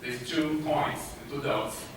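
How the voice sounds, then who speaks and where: A man's voice: on the high side, level tone, takes it slowly. Polish guy giving a conference talk, lots of uhs, far from the mic, big echo. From Poland. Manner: hesitant, many filler sounds and restarts. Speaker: conference speaker. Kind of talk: conference presentation. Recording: echoey hall, distant mic, noisy.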